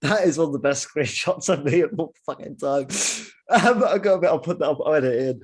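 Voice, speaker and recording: Excitable man hosting a casual podcast. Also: on the high side, quick pace, husky. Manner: excitable, lots of restarts and swearing. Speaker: podcast host.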